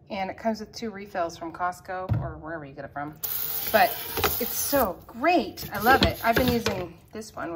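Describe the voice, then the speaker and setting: Female home vlogger, casual and chatty with fillers, slightly low voice, noisy kitchen recording. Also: a bit bright. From California, USA. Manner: chatty, rambling, lots of fillers. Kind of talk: casual home cleaning vlog.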